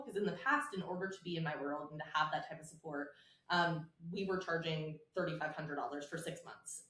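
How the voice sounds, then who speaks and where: A woman's voice: lowish voice, fairly bright tone, echoey room. A woman guest on a podcast, a salon business coach, talking in a bubbly, chatty way and swearing freely. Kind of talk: casual podcast interview.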